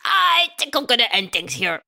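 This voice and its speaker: A woman's voice: a little high, sing-song, moderate pace, pushed and bright, a little hiss or hum, full character voice. A woman voicing a lovestruck young girlfriend in a put-on cute, whiny baby-talk voice for an improvised comedy sketch. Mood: sulky.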